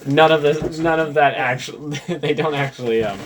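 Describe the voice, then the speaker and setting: A man's voice: fairly high pitch, a little fast, over music. A man narrating and refereeing a tabletop game in a loose, casual way, with many fillers. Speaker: game master.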